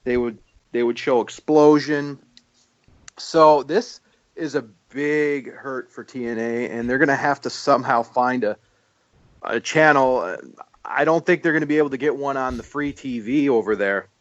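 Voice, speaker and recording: Measured, explaining podcast man. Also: medium pitch, no echo, dull audio. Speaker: podcast co-host. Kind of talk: casual wrestling talk.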